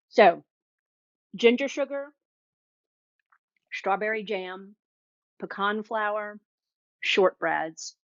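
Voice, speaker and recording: A woman's voice: medium pitch, fairly bright tone, no room sound, dull audio. A woman hosting a live cooking demo, chatty and enthusiastic, tasting food as she talks. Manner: chatty and enthusiastic, tastes while talking. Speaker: cooking show host.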